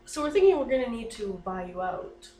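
A woman casually playing a tabletop game, playful and quick to laugh. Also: a little high, big pitch swings, warm tone. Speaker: player. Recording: distant roomy mic with clear background hiss.

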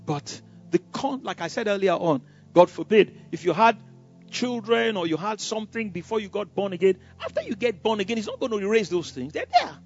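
An emphatic male pastor preaches with a high, husky voice that swings widely in pitch. He laughs often. The recording is dull and lo-fi, with faint music behind him. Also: sing-song, fairly quick. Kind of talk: sermon.

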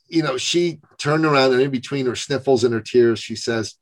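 A man's voice: mid-range voice, moderate pace, hardly any pauses, low-quality recording. A man, a business coach, telling a personal story as a podcast guest. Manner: gravelly, animated storyteller. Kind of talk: storytelling in an interview.

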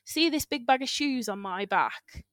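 A woman's voice: high-pitched, expressive, moderate pace, a bit bright, dry recording, clean studio sound, voice pushed up. A woman doing a shrewd old cobbler. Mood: persuasive. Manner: folksy, patient, persuasive. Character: clever, calm old male cobbler.

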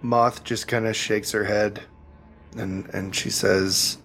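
Slow, unhurried man narrating as game master. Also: on the low side, little pitch movement, gravelly, a bit bright, husky. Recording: faint music behind.

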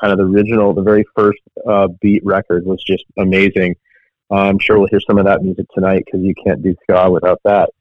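A man's voice: deep voice, quick pace, no room sound. A middle-aged man calling in as a guest, reminiscing in an easygoing way. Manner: relaxed, reminiscing. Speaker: guest on the line. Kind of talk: casual chat. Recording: dull remote line.

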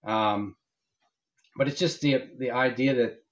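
A man's voice: mid-range voice, slow, muffled recording. A man co-hosting a podcast in casual chat, rambling and hesitant with many restarts. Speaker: podcast co-host.

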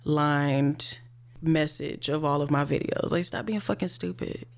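A woman's voice: low-pitched, moderate pace, creaky, noisy background. A young woman in casual conversation, venting bluntly with plenty of profanity. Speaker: guest, video creator. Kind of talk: casual chat.

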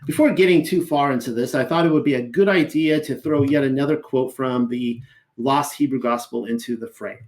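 A man reading and commenting on scripture in a measured teaching voice, with wry, dryly humorous asides and a slower pace for quoted passages. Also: medium pitch, darkish tone.

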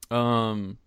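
A man's voice: medium pitch, fairly bright tone, clean tone, no echo, clean studio sound. A man hosting a podcast in casual chat, joking around and laughing often. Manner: joking, laughs often, breaks into mock singing. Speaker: podcast host.

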